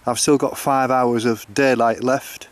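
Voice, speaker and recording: A man's voice: mid-range voice, steady tone, a little slow. A man walking a coastal path and chatting to the camera, hesitant, with many fillers and restarts. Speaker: walking vlogger. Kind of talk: casual chat to camera.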